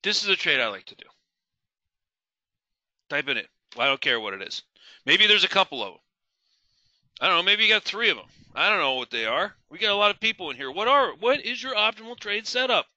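Middle-aged male webinar instructor, fairly high and very bright voice, emphatic and questioning. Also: very animated, quick pace, dry recording, highs cut off. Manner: asks the audience questions, emphatic, repeats key words. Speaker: trading instructor. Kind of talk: live webinar teaching.

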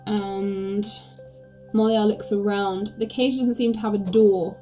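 A woman's voice: medium pitch, steady tone, takes it slowly, dark tone, soft background music, low-quality recording. A woman game master narrating a tabletop game, describing scenes hesitantly with many fillers.

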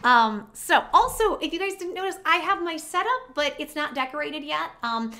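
A woman's voice: sits high, animated, normal speed, sharp tone. A woman vlogger at her home setup, telling a personal story to the camera in a chatty, rambling, self-deprecating way.

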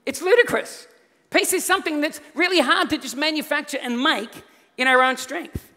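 A middle-aged man, preaching a sermon and telling a funny personal story, animated and often laughing. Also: extremely high pitch, moderate pace. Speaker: pastor. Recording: long hall reverb from auditorium.

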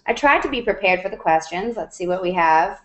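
A woman's voice: on the low side, expressive, brisk, fairly bright tone. A woman hosting a DIY show over a video call, answering viewer questions in a chatty, upbeat way with lots of asides. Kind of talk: casual chat. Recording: roomy echo on a video call.

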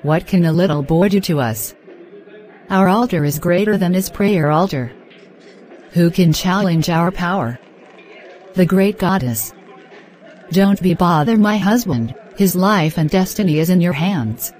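A woman's voice: lowish voice, unhurried, a little mellow, a faint crowd, natural voice. A woman voicing a boastful, scheming wife. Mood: scornful. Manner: dismissive, boastful. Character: scheming wife, proud of her dark altar.

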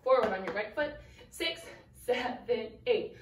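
A woman's voice: fairly high pitch, measured pace, recorded from a distance, a little hiss or hum. A young woman teaching a children's dance routine, counting beats and calling out steps while she dances, slightly out of breath. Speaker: dance instructor. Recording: echoey room, voice from afar.

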